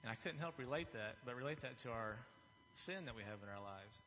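A fairly low, slightly fast voice, pushed and bright, belongs to a layman sharing an earnest, confessional testimony with a church congregation. He restarts his phrases often, and the dull hall recording echoes with faint hiss or hum.

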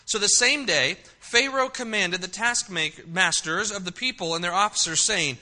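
Man, preacher, sermon, high voice, very bright and sharp tone, emphatic repetition. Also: moderate pace, few pauses. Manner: reads scripture then explains it, with frequent restarts and emphatic repetition. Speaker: pastor.

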